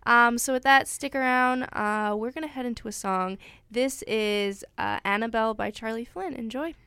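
A woman's voice: a little high, normal speed, sharp tone, clear, resonant tone, dry recording, clean studio sound. A woman hosting a radio show in a chatty, casual way, with lots of fillers and restarts.

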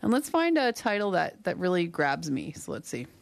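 A young woman hosts a campus radio show, chatting loosely between songs and laughing at her own slips. Her voice is on the low side with a gravelly edge. She sounds a little out of breath, close on a dry studio microphone. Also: sing-song, moderate pace, no echo. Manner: chatty and rambling, self-correcting, laughing at herself. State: slightly out of breath. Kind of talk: casual on-air chat between songs.

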